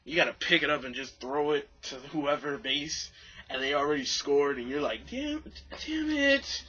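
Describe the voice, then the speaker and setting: A young man vlogging to camera in a rambling, self-deprecating way, mimicking other people in high voices. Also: steady tone, moderate pace, bright, forceful tone, breathy edge, lo-fi sound. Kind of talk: casual monologue to camera.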